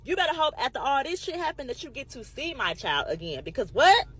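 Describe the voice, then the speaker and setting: Animated, profane woman telling a story. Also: high voice, brisk, slightly rough, no echo, rough recording. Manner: animated, emphatic, profane, addresses listeners as y'all. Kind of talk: casual storytime monologue.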